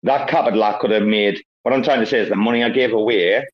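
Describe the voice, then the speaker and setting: A man's voice: fairly low pitch, fast, breathy edge, lo-fi sound. A man hosting a casual online chat, boisterous and rambling, with heavy swearing. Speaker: host.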